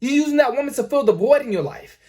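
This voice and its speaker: A man's voice: extremely high pitch, lively intonation, quick pace, warm tone. A man hosting a dating-advice talk, lecturing emphatically, repeating his points and addressing his viewers as guys. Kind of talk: lecturing commentary.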